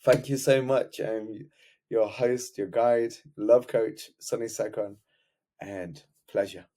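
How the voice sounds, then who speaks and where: A man's voice: mid-range voice, fairly even intonation, slow pace, dark tone. A man speaking as a love coach, giving an earnest, heartfelt motivational talk to camera and repeating key words.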